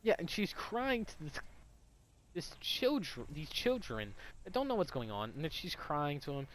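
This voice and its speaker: A man's voice: on the high side, sing-song, moderate pace, fairly bright tone, a little hiss or hum. A young adult man telling a personal story in a casual, rambling, heavily profane way.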